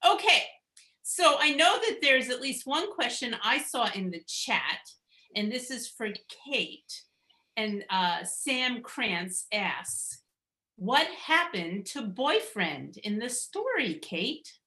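Bright, bubbly woman host on a video call. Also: a little high, big pitch swings, slow pace, roomy sound. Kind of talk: live online show hosting.

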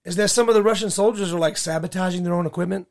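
A man co-hosting a podcast, excitable, repeating himself and calling people dude. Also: high voice, racing. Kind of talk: casual chat.

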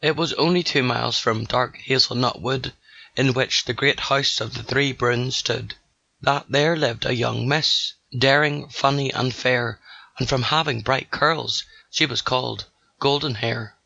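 Gravelly male storybook narrator. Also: medium pitch, fairly even intonation, unhurried, sharp tone, no room sound, dull audio. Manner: sing-song rhyming delivery.

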